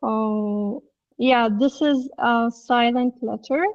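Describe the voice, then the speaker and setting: A woman teaching an English lesson in a live online session, explaining patiently and reading examples slowly. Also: on the high side, fairly even intonation, distant mic, highs cut off.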